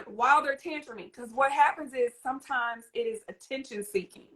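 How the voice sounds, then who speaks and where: A woman hosts a parenting conversation, her voice sitting a little high. She explains things like a teacher, lively and direct with the audience. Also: moderate pace. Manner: animated, teacherly, demonstrates a soothing voice. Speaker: host and parenting coach. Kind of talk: live interview chat.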